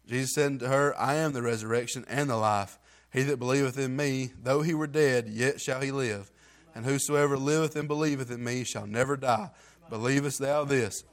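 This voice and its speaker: A man reading scripture aloud and giving an earnest, heartfelt testimony in plain everyday grammar. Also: mid-range voice. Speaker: church member giving testimony.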